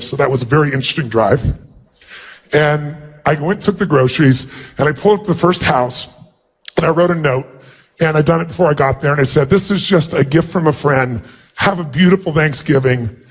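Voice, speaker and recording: A man with a fairly high-pitched voice tells a personal story from a stage. He talks in a heartfelt and emphatic way, pressing hard on the moments that matter to him. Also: breathy edge. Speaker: motivational speaker.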